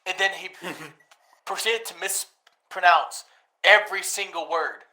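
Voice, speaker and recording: A man telling an animated, profane story in casual podcast chat. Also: sits high, measured pace. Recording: echoey room.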